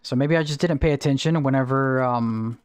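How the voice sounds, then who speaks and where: A man's voice: mid-range voice, a little fast, clean tone, no room sound. A man streaming a game live, chatting casually, answering chat and counting out spins, with no regional accent. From Texas. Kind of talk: casual live gameplay commentary.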